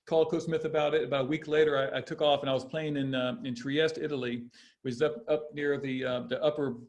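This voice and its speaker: A former basketball player in his fifties tells stories in a casual podcast interview, rambling with many restarts and laughs. His voice is a little high and flat, and he talks fast.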